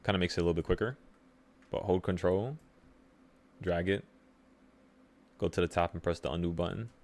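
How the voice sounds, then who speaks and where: A young man with a very low voice walks through trading charts in a loose, offhand way. He thinks out loud and pokes fun at his own slips as he clicks around. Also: normal speed. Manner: relaxed, thinking aloud, laughs at himself. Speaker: trading channel host. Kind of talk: casual screen-share chart walkthrough.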